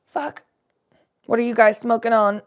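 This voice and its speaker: A woman's voice: a little high, unhurried. A young woman telling rambling, profane stories in a laid-back, casual chat with the odd cough. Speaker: vlogger.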